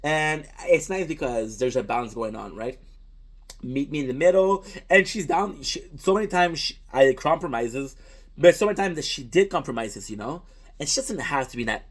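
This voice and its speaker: A man with a fairly high, animated voice speaks at a moderate pace. A French-speaking content creator by first language, he delivers a casual, reflective monologue, earnest and rambling, often restarting and swearing.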